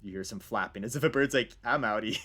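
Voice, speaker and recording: A man narrating a tabletop game as game master, his voice low and his delivery casual and rambling. He pauses often with fillers and keeps the tone light. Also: sharp tone.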